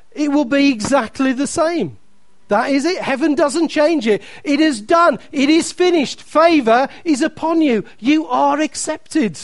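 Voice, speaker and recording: A man's voice: extremely high pitch, no echo. A man preaching a sermon, emphatic and repeating key phrases, reading scripture aloud with playful asides to the congregation.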